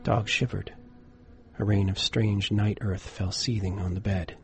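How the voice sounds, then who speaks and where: Male narrator for a dark tale: unhurried, lower register, measured with hushed suspense. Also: fairly even intonation, vocal fry, a little hiss or hum. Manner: measured, dropping to a hush for suspense. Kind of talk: dramatic horror story reading.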